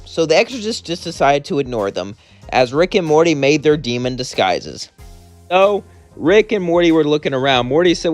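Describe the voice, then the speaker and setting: Man, rambling storyteller, lively pitch, faint music underneath. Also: moderate pace. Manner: rambling, self-correcting. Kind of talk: improvised fan story narration.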